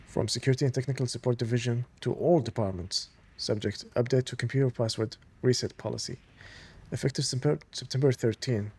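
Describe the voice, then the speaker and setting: Excited man reading game documents aloud. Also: medium pitch, brisk, slightly rough. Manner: reads in-game documents aloud, enthusiastic fan asides. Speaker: gamer playing through a story game. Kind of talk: casual let's-play commentary.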